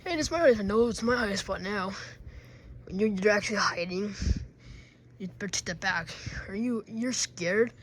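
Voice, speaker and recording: A woman's voice: medium pitch, measured pace, long pauses, a little hiss or hum. A woman playing out scenes with plush toys, playfully switching between character voices and asides to viewers. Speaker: plush toy video maker.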